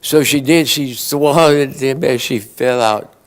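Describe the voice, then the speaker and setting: A man's voice: medium pitch, measured pace, hardly any pauses. A man telling long, folksy joke stories at a conference awards ceremony, briefly acting out his characters' lines. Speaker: after-dinner joke teller.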